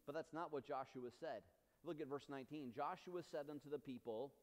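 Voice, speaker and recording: A man with a high voice preaches a sermon in a church, rising to loud, slowed emphasis and falling to soft, quiet asides. His voice rings with a long reverb from the sanctuary. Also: lively intonation. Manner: impassioned preaching with sudden soft drops and slow emphatic lines. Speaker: pastor.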